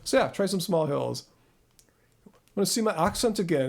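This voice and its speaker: A chatty man in his thirties with a slightly high voice and a gravelly fry. He rambles through viewer questions in a loose, self-deprecating way, like a casual live stream. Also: animated, moderate pace, pauses often. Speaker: host.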